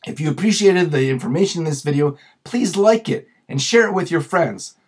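A man hosting a tutorial video, explaining patiently through examples and slowing down to stress key words. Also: a little high, lively intonation, slightly rough. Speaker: grammar and communications video host.

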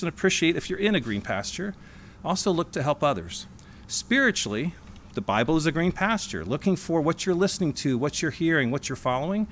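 A man preaching in a church hall, leaning hard on single words and slowing down for the key phrases. His voice sits a little high and moves a lot in pitch. A faint hum of the room runs underneath. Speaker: sermonette speaker. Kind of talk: sermon.

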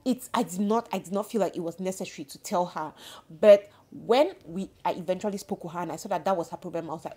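A woman in her thirties telling a story to her viewers in a casual vlog, animated and indignant. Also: on the low side, fast, slightly rough. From Cameroon. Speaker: vlogger.

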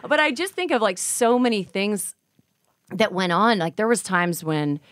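A woman in her forties speaks in an ordinary middle-pitched voice, chatting candidly about her life in boxing. She tells her stories with animation and laughs often. The sound is close and dry, with no room around it. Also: animated, normal speed, fairly bright tone, dry recording. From Canada. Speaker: boxing coach and former boxer. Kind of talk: casual interview chat.

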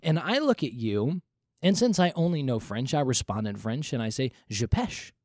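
A man's voice: medium pitch, expressive, moderate pace, a little mellow, no echo, studio quality. A man hosting a podcast, explaining Bible questions in an earnest, conversational teaching style and repeating his points for emphasis. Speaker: podcast host.

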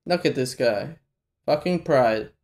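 A man hosting a live anime reaction, talking casually and profanely, with sudden loud exclamations at what he sees. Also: mid-range voice, animated, slow. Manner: casual slangy talk to the viewer. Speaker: reaction channel host.

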